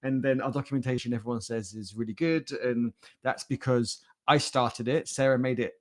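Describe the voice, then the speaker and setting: A man's voice: medium pitch, steady tone, normal speed. A man with a British accent co-hosting a live stream, talking casually with a joking, self-mocking, rambling manner.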